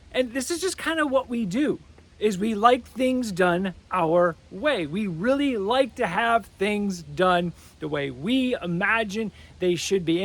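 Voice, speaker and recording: A middle-aged man with a notably high-pitched voice gives a devotional message. He talks casually, in a storytelling way, stumbling into restarts and loose asides as he goes. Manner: conversational storytelling with rambling restarts. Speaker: preacher.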